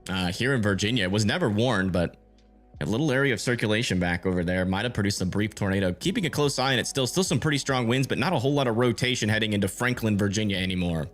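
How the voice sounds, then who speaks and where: A man's voice: fairly low pitch, expressive, quick pace, fairly bright tone, soft background music. Man talking through live storm radar. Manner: thinking aloud, reads and answers viewer chat. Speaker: livestream weather tracker. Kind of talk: live storm-tracking commentary.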